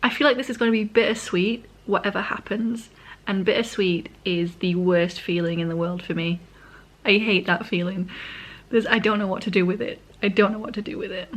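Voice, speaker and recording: A woman's voice: mid-range voice, steady tone, fairly quick, a bit bright. Chatty woman recapping a manga. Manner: rambling, chatty, self-correcting; eating while talking. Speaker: vlogger. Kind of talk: casual manga reading recap.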